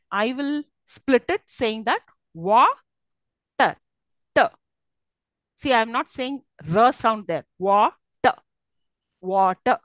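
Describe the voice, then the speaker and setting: A woman's voice: on the high side, dry recording. Indian woman teaching English phonetics. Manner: explains with frequent checks to students, encouraging. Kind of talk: classroom lecture on English phonetics. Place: classroom.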